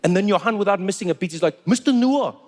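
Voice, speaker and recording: A man from doing animated, mock-exasperated stand-up storytelling. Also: high voice, very fast. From South Africa. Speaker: comedian. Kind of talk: stand-up comedy.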